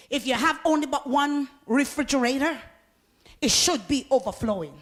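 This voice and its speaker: A woman preaching a sermon with fervor, laughing often and swinging from talk into shouts as she calls on the congregation. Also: high-pitched, normal speed, long pauses.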